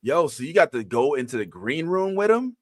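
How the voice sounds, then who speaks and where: A man's voice: on the high side, very animated, fairly quick, no echo, clean studio sound. Playful teasing male show host. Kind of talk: casual chat.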